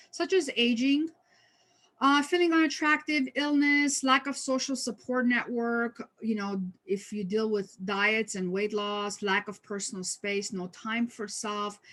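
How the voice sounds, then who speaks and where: A woman's voice: fairly high pitch, a bit bright. Chatty woman leading a stress workshop. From United States. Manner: conversational, many fillers and restarts; lightly humorous. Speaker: workshop trainer. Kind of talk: online training presentation.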